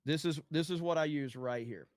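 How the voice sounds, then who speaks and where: A man's voice: fairly high pitch, normal speed, no room sound, clean studio sound. A man hosting a casual livestream, rambling and swearing freely as he reads chat messages aloud and tells stories. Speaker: streamer.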